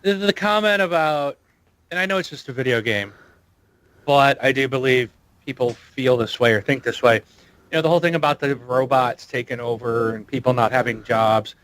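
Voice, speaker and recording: A man's voice: mid-range voice, moderate pace, a bit bright. A man co-hosting a casual gaming podcast, ranting in an exasperated, emphatic way. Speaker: podcast co-host.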